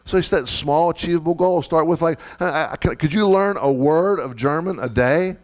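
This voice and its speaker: A man's voice: fairly high pitch, normal speed, few pauses, darkish tone. A man who is a pastor, preaching a casual sermon with many restarts and frequent tag questions. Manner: conversational, repeats words, often asks "right?".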